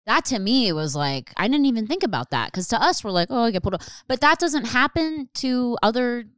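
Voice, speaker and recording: A woman's voice: a little high, very animated, moderate pace, fairly bright tone, smooth, no room sound, clean studio sound. A woman hosting a podcast interview, chatty and reactive, laughing along with her guest. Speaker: podcast host. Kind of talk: casual interview chat.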